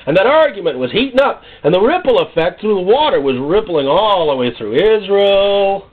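A male pastor preaching a sermon in an animated, storytelling way, with jokes and acted-out scenes. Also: high voice, normal speed, few pauses, husky. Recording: tinny phone-like sound.

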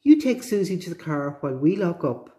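A woman's voice: lowish voice, big pitch swings, brisk, dark tone. A woman with an Irish accent voicing a cross, firm father in a children's storybook, scolding sharply. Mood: stern. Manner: stern, scolding.

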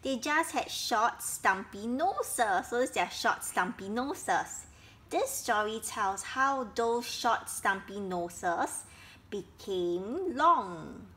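A woman reads a children's story aloud at a very slow pace, repeating and explaining each step for young listeners. Her voice sits a little high and sounds bright. She talks like a patient storyteller. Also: animated.

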